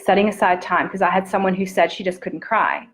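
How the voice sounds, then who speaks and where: Woman, middle-aged, gentle live-stream self-love coach, earnest and warm-hearted. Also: on the low side, fairly even intonation, brisk, slight background noise, rough recording. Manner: gentle, earnest, reads viewer comments aloud.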